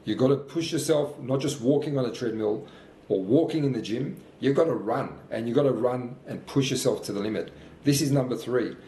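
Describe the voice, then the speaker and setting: In a roomy recording with faint noise behind him, a man in his fifties catches his breath between sprints and repeats earnest encouragement for his workout vlog. This fitness coach has a mid-range, mellow voice and a brisk delivery.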